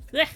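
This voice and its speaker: A woman streaming at home as she crafts, chatting casually and coaxing her dog in a playful way. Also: fairly bright tone. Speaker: crochet streamer. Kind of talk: casual chat while crafting.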